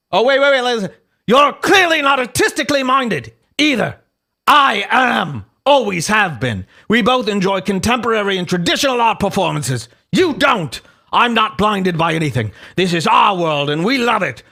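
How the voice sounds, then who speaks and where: A man's voice: sits high, creaky, pitched above the performer's own voice, heavily acted. A man reading a hot-headed British man's posts in a put-on British accent, furious and insulting. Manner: indignant, shouting insults.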